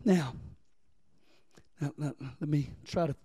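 A man's voice: fairly high pitch, slow pace, warm tone, breathy edge, dry recording. A man preaching a sermon as pastor, reading scripture and calling on the congregation to respond.

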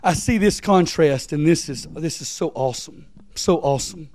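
A man's voice: fairly high pitch, moderate pace, a little mellow, dry recording. A man preaching a sermon, repeating phrases and rising into emphatic, near-sung lines.

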